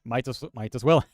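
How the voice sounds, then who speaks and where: A man hosting a live stream, commentating and chatting with viewers in a halting, filler-heavy way. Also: mid-range voice, a little mellow, clean tone, dry recording, studio quality.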